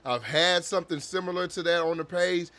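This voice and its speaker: A man's voice: high-pitched, brisk, pushed and bright. A man giving casual, crude reaction commentary, joking and laughing often. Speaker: reaction video host.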